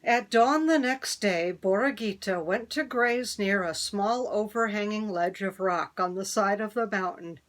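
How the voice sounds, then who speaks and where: A woman reads a children's picture book aloud, unhurried and expressive. Her voice sits in a middle pitch and lingers over each line. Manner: expressive, slow read-aloud. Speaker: storyteller.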